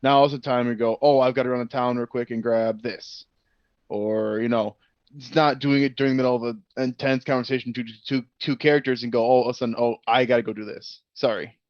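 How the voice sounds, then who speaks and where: A man speaking on a casual tabletop game panel, relaxed and halting with fillers. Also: mid-range voice, no room sound. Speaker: panelist, player. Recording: dull dry lo-fi sound.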